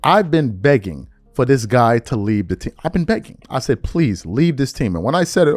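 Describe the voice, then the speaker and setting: Animated man ranting about sports. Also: medium pitch, brisk, few pauses, no echo. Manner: animated, mocking impressions of fans, slangy. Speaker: podcast host. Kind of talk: heated sports commentary rant.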